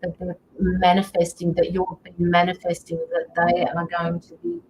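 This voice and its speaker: A woman's voice: fairly low pitch, completely flat delivery, moderate pace, a little mellow, a little hiss or hum, poor audio. Woman giving a hesitant live card reading. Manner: hesitant, relaying messages with many fillers. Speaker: tarot card reader. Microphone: video call.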